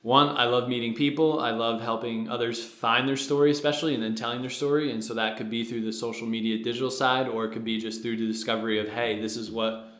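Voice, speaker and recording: Young guy rambling on a podcast, mid-pitched voice, roomy echoey sound. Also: fairly even intonation, quick pace, fairly bright tone. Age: young adult. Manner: rambling, with many fillers and restarts. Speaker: podcast founder and co-host. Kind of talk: casual podcast chat. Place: studio with a producer present.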